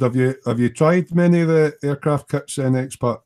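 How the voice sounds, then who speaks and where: A man's voice: fairly high pitch, normal speed, few pauses, warm tone. A man hosting a casual model-making hangout over a video call, teasing his friends and reading out viewer comments.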